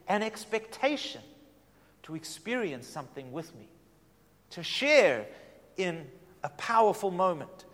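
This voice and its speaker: Male pastor, high voice, earnest and inviting sermon delivery, long hall reverb. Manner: earnest, inviting, shifts from hushed to emphatic.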